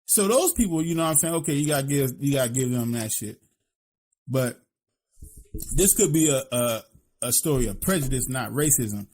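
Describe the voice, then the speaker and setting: A Philly-accented man from Philadelphia co-hosts a podcast, talking in a blunt, profane, casual way and constantly asking "you know what I'm saying." His mid-range voice has a darkish tone, lively intonation and a normal speed.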